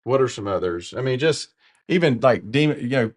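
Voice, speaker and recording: With a Southern US accent from the Carolinas, this man co-hosts a podcast, speaking briskly and with animation in a mid-range voice. The talk is casual and candid, rambling, with frequent self-corrections.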